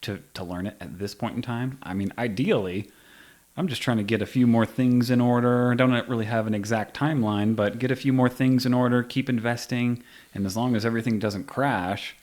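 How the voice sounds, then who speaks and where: A man in his forties hosting a podcast, talking in a relaxed way and trailing off softly at the ends of thoughts. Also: medium pitch, fairly quick. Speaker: podcast host. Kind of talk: casual conversation.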